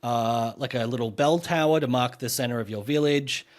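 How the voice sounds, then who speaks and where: A man's voice: medium pitch, moderate pace. A man, co-hosting a podcast and talking through a game in a rambling, enthusiastic way. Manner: rambling, filler-heavy, enthusiastic explaining. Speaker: podcast co-host. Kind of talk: casual podcast chat reviewing a game.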